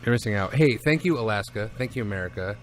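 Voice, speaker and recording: A man's voice: lowish voice, quick pace, crowd noise. A man co-hosting a casual comedy podcast, ranting animatedly and joking around. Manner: animated, ranting, swears, laughs loudly. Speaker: podcast co-host.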